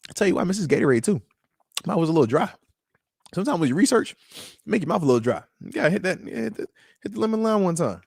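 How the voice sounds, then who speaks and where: A man's voice: sits high, sing-song, fast talker, creaky, long pauses, breathy edge, dry recording, clean studio sound. Hype slangy man hosting a live stream. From United States. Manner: loose and hype, slangy, calls out chat comments. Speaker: podcast host. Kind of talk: live-stream chat with viewers.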